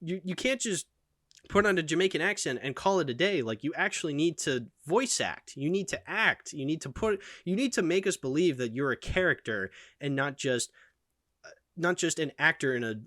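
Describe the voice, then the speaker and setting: Man, casual film chat, lively swinging pitch, very dry close sound, opinionated. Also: normal speed, dry recording. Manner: animated, opinionated, lots of fillers. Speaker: channel host.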